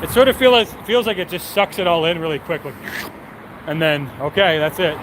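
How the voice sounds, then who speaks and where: A man's voice: a little high, a little fast, noisy background. A man streaming and answering chat, telling a story in a casual, rambling way full of fillers. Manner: rambling, filler-heavy, animated retelling.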